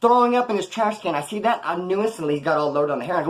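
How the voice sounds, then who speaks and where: A man with a slightly high voice rattles through his stories at a rapid clip. His telling is rambling, slangy and heavy on swearing, delivered as off-the-cuff chat straight to the viewer. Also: animated. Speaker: storyteller recounting his prison past. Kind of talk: casual off-the-cuff storytelling.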